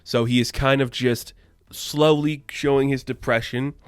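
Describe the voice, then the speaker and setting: A man's voice: medium pitch, fairly even intonation, unhurried, clean tone, no echo. A man recapping and reviewing a comic book issue in a loose, rambling way, full of "like" fillers. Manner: rambling, heavy use of "like" fillers.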